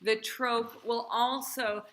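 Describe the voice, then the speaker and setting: A woman's voice: a little high, fairly even intonation, slow pace, fairly bright tone, a little hiss or hum. A female cantor teaching a class, quizzing and encouraging her students in a chatty way.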